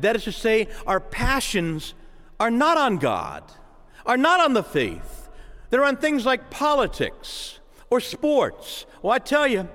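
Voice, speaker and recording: Male pastor, sermon, high voice, wide swinging pitch, impassioned, long church reverb. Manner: impassioned, swooping between hushed prayer and excited outbursts. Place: church sanctuary.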